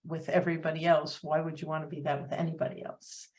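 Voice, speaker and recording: Woman in her 50s, lower pitch, earnest reflective interview guest who hesitates often. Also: little pitch movement, fast talker, a little mellow. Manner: earnest, reflective, many fillers. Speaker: podcast guest, coach. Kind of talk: candid interview storytelling.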